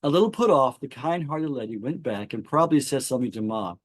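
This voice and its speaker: A man hosting a spiritual gathering, reading a devotional account aloud at an unhurried pace and stopping to comment before opening the floor to discussion. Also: mid-range voice, lively intonation, no echo. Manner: reads slowly, stopping to comment and restart phrases. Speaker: satsang host.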